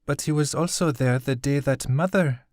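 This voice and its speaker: A man voicing a grieving young woman who speaks haltingly and breaks off mid-sentence. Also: medium pitch, a little mellow, no echo, clean studio sound, pitched above the performer's own voice, lightly acted. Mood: haunted, halting. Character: young woman, soft-spoken, haunted by grief.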